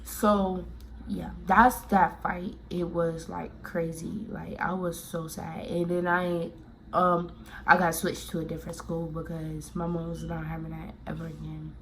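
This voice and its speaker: A woman's voice: lowish voice, flat delivery, measured pace, gravelly, a bit bright, a little hiss or hum. A woman from Miami telling a personal story in a casual, rambling way, full of fillers and restarts. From Miami, Florida.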